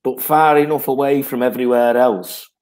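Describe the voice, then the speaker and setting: A man's voice: medium pitch, steady tone, normal speed, darkish tone. A man, a guest who tells rambling anecdotes in casual chat and laughs as he tells them. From North West England.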